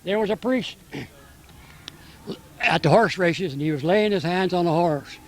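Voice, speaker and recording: Older man, high-voiced folksy storyteller. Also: takes it slowly. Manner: folksy storyteller with stammered restarts. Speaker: oxen driver in a parade. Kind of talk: casual chat and joke telling. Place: outdoor street parade.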